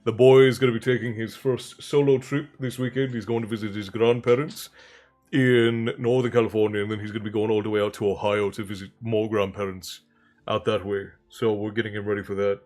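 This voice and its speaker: Brisk and flat in delivery, a man with a lowish voice runs a casual livestream mixing book reading with chat. He's rambling and sociable, greeting viewers warmly by name.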